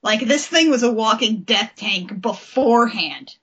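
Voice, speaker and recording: Playful giggly woman cohost, kinda high voice, muffled lo-fi sound. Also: expressive, measured pace, fairly bright tone, slightly rough. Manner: giggly, playful, laughs often. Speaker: podcast co-host. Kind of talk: casual recap chat.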